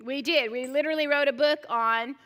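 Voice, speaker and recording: A woman's voice: sits high, fairly quick, a bit bright, long reverb tail. A middle-aged woman pastor preaching a sermon, telling stories in a chatty way, with restarts and joking asides.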